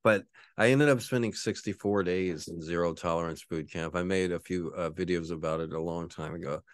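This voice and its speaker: A podcast host in his forties tells a rambling, profane story and laughs often. His speaking voice is very low. The sound is dry and close to the mic. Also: brisk, no echo. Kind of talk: casual storytelling.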